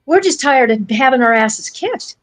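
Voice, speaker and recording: A woman's voice: high-pitched, lively intonation, normal speed, no room sound, low-quality recording. An American woman co-hosting a podcast, telling a story in a blunt, folksy way and acting out the voices of the people in it. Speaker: podcast co-host. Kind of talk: casual storytelling chat.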